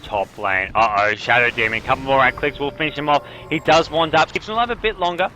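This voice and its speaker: A young man casting a video game match on his own, with a slight French accent, explaining strategy calmly and getting excited on big plays. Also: medium pitch, fast talker. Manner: analytical, rising to excited bursts on big plays. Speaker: esports caster. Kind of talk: solo game commentary.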